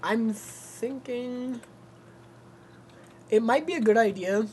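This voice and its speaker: A man co-hosting a game stream, relaxed and thinking aloud as he plays. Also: extremely high pitch, slow pace, a little hiss or hum, low-quality recording. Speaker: co-host. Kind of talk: casual gameplay stream chat.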